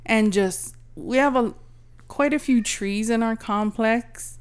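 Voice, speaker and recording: A woman co-hosting a podcast tells stories in a rambling, casual chat, swearing freely. Her voice is a little high and clean, and she speaks slowly.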